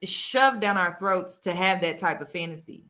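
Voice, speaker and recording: A woman's voice: on the low side, moderate pace, sharp tone. A woman hosting a casual commentary and talking straight to her viewers, emphatic and often repeating her key phrases for weight. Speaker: host.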